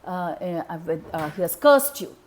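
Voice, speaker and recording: A woman's voice: lowish voice, expressive, normal speed, natural voice. A woman voicing flustered monkey messengers who stammer.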